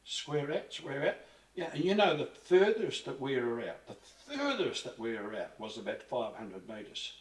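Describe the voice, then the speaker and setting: An older Aussie interview guest reminisces casually, his storytelling rambling and earthy, marked by restarts and mild swearing. He speaks at a normal speed in a mid-range voice with big pitch swings. The recording is roomy and far off.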